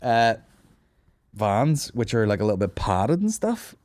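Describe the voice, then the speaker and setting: A man's voice: on the low side, sing-song, measured pace, a little mellow, no echo, clean studio sound. A man hosting a podcast, chatting casually with lots of swearing and joking. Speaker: podcast host. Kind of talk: casual chat.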